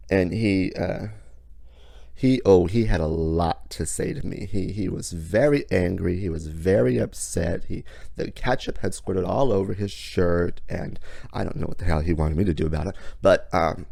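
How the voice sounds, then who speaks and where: A man casually telling a personal story, animated and folksy, with sudden jumps up in pitch. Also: vocal fry, no echo. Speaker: storyteller host.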